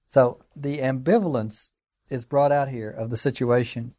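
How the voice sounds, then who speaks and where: A man's voice: mid-range voice, steady tone, normal speed, dark tone. A man giving a classroom lecture in a conversational, digressive way, with fillers and wry asides. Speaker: teacher.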